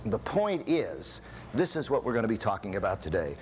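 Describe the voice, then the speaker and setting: A man's voice: lowish voice, brisk, a little hiss or hum. An older man giving a seminar talk, telling jokey stories and asking the audience questions. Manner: animated storyteller, jokey, asks the audience questions. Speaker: seminar speaker. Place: seminar room before an audience.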